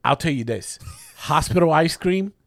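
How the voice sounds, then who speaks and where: A man with a fairly high voice speaks at normal speed, recorded dry and at studio quality. He's a podcast host telling a story casually and profanely, bringing it to life by impersonating the people he quotes.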